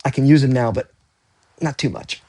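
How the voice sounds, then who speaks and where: A man's voice: medium pitch, lively intonation, moderate pace, warm tone. A man talking casually while he stretches, rambling and correcting himself, a little winded from the exercise. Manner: rambling, self-correcting, breathy exclamations. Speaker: vlogger doing stretching exercises.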